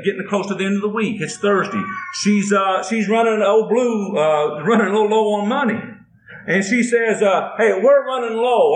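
Preacher guy telling a folksy story in church, kinda high voice, roomy echo. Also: a little hiss or hum. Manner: homespun, drawling storyteller acting out both spouses. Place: church building.

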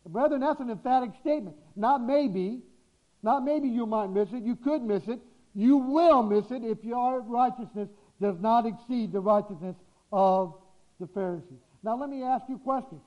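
A male preacher with a notably high voice delivers a sermon, pressing his points through repetition and slowed, weighty phrasing. The recording is dull and lo-fi. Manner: exhorting, repetitive, slows for emphasis.

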